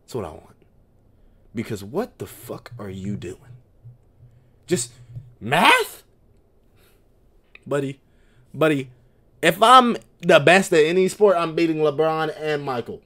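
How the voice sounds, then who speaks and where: Man, streamer, casual livestream reaction, brash and profane, somewhat high voice, very bouncy intonation. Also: big pitch swings, slow, pauses often. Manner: loud, profane, laughs often.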